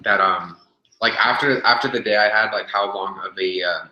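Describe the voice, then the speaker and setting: A young man tells a rambling story on a casual webcast, cursing freely and stumbling over fillers and restarts. His lowish voice has a bright, forceful edge. The webcam sound carries a lot of echo from the room. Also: moderate pace, dull audio, a little hiss or hum. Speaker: vlogger telling a gym story. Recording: echoey room webcam audio.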